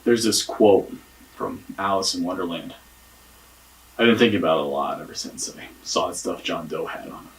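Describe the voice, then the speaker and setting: A man's voice: low-pitched, normal speed, far from the mic, lightly acted, poor audio. An actor playing a defensive man questioned by police in a mystery game, talking evasively and swearing. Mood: guarded. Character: defensive, guarded young man under police interrogation.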